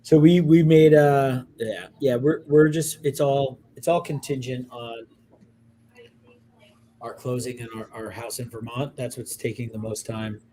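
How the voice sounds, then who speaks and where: A man's voice: mid-range voice, fairly even intonation, a little slow, warm tone, slight background noise. A man co-hosting a casual podcast from a hotel room, talking in a rambling, profane way with many stammered restarts. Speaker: podcast co-host. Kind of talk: casual chat.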